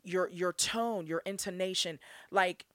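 Earnest young woman podcaster, low voice. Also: a little slow, dry recording, clean studio sound. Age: young adult. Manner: earnest and heartfelt, laughing often. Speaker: podcast host. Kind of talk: solo podcast monologue.

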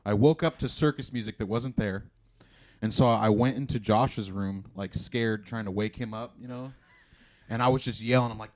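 A man's voice: on the low side, moderate pace. A man co-hosting a podcast, telling stories casually and swearing freely. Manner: animated storyteller, swears freely. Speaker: podcast co-host. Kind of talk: casual chat.

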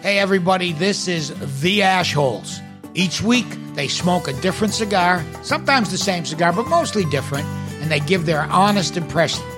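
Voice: medium pitch, expressive, moderate pace. Laid-back intro announcer over guitar music. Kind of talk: scripted intro narration.

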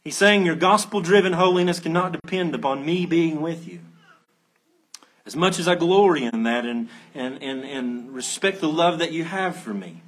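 A man preaching an expository sermon, earnest, swelling to emphatic peaks, then dropping low, with conversational asides and rhetorical questions. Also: lively intonation, normal speed. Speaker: pastor.

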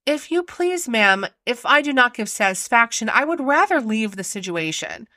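A woman doing an anxious young maid in service, polite and apologetic, her voice raised high and moving a lot. It is a storybook reading, close and dry. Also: very animated, moderate pace, pushed and bright, no room sound. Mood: deferential. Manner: respectful, apologetic.

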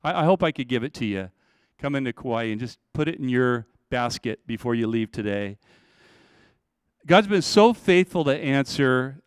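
Middle-aged male pastor, conversational sermon, high smooth voice, dry close sound; slips into soft acted-out prayers. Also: sing-song, normal speed, no echo.

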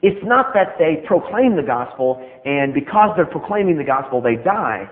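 A middle-aged man preaching a sermon, emphatic and animated, repeating key phrases for stress. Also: on the high side, normal speed. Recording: tinny phone-like sound.

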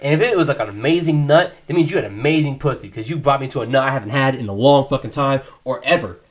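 A man's voice: medium pitch, fast talker. A young man co-hosting a casual podcast, laid-back and candid, swearing freely and laughing often. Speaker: podcast co-host.

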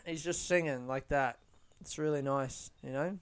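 A man's voice: a little high, moderate pace, smooth. Rambling, profane man on a podcast. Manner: rambling, profane, self-mocking. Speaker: podcast host. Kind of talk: casual solo podcast monologue. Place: London, UK.

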